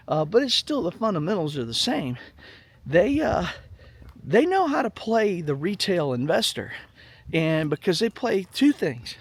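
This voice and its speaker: A middle-aged man giving casual, rambling money commentary in a vlog, emphatic and folksy, often repeating himself. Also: a little high. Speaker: finance vlogger.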